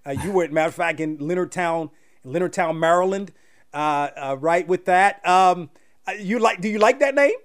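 A man with a notably high voice hosting a sports podcast. He asks his questions haltingly, repeating words and filling gaps with "uh" before he gets to the point. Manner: halting, filler-heavy questions. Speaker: podcast host. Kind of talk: interview hosting.

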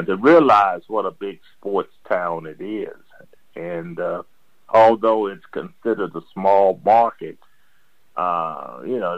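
An older man and former basketball player, answering interview questions slowly, with many pauses and fillers, on a dull lo-fi recording. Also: deep voice, no echo. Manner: slow, halting, with many fillers. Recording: dull lo-fi sound.

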